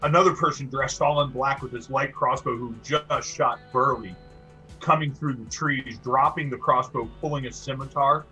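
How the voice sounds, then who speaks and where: Man, game master, bright forceful voice, halting narration, repeats words. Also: mid-range voice, fairly even intonation, faint music behind.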